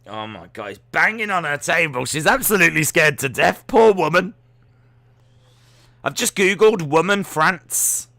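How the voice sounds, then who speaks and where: A man hosts a live football watch-along stream, reading viewer comments aloud between bursts of excited reaction. His voice is a touch high for a man, bright and forceful, with a gravelly edge. The sound is dry and close. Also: measured pace, dry recording. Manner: reads viewer comments, excitable shouting at goals.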